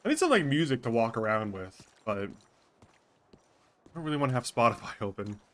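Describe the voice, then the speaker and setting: A man's voice: mid-range voice, sing-song, a little fast, a bit bright. Casual, swearing male streamer. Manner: chatty, swears freely, thinks aloud. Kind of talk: casual out-of-character chat with viewers.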